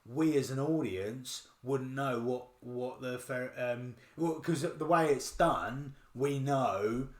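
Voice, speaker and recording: A man's voice: medium pitch, slow, few pauses, echoey room. A man from the UK co-hosting a podcast, talking casually about a film, rambling and restarting his sentences. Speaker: podcast co-host. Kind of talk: casual chat, film review.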